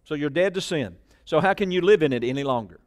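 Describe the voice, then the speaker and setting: A man preaching in a church, his fairly high voice leaping up and down with animated energy. He drives a call-and-response with the congregation, shouting key words before dropping to a confiding hush. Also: quick pace. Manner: swings between loud emphatic bursts and quiet asides. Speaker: pastor. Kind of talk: sermon.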